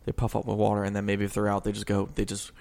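A man's voice: lowish voice, completely flat delivery, rapid-fire, vocal fry, darkish tone. A man chatting casually with friends, telling a story with lots of laughter, swearing and quoted voices. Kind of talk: casual chat among friends.

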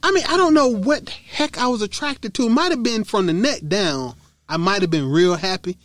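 A man co-hosting a casual comedy talk show, joking loudly with frequent laughter. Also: sits high, lively intonation, normal speed, dry recording. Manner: loud, joking, bursts of laughter. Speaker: podcast co-host.

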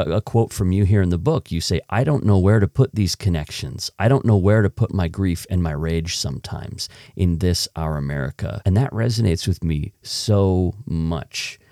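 A man hosting an interview, asking reflective questions in an earnest, halting way. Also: deep voice, vocal fry, a little mellow, no echo, studio quality. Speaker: interviewer host.

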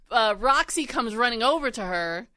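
A woman's voice: a little high, animated, a little slow, sharp tone, dry recording. A woman co-hosting a casual chat, telling stories and laughing often. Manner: storytelling with frequent laughs.

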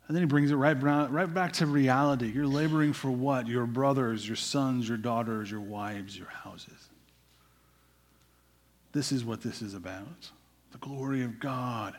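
A man preaching a sermon, asking his listeners questions and often adding "right?", sometimes dropping to a quiet voice for emphasis. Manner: asks the congregation questions, frequent "right?" and repeated words; drops to a quiet, low voice for emphasis.

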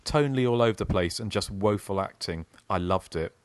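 A man's voice: on the low side, fairly quick, no room sound. A man hosting a podcast, chatting casually and reading listener emails aloud. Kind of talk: casual chat.

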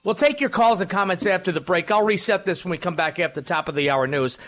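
A man's voice: high-pitched, fast talker, fairly bright tone. A man hosting a talk radio show, rambling and self-deprecating, with lots of fillers and restarts, speaking into a studio microphone.

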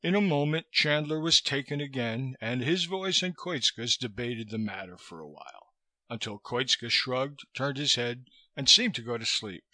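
Man narrating an audiobook, bright voice. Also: medium pitch, lively intonation, moderate pace, dry recording. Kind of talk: scripted narration.

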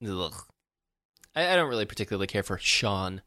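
A man co-hosting a podcast in casual chat, rambling and joking with lots of fillers and restarts, often jumping up in pitch when amused. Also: big pitch swings, brisk, sharp tone, no echo, studio quality. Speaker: podcast co-host.

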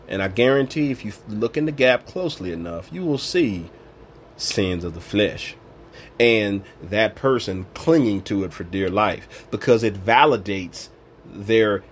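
A man giving an informal sermon, preaching in an emphatic, colloquial way. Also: fairly low pitch. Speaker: Bible teacher.

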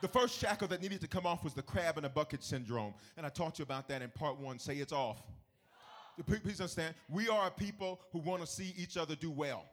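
A man with a notably high voice preaches to his church. He calls out lines for the congregation to repeat and pushes into shouted, sung cadences. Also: brisk. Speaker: pastor. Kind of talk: sermon. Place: church service.

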